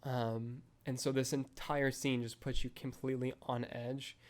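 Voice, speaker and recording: Reviewing a film on a podcast, this young host chats loosely and unhurriedly, filling his talk with "like" and "um." His pitch sits mid-range and his tone barely rises or falls, staying flat and even.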